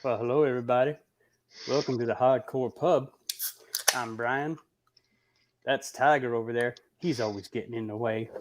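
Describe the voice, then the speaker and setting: A man doing an impression of a laid-back southern male beer reviewer, with a slow drawl and a mock-serious tone. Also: mid-range voice, fairly even intonation, close to an everyday voice.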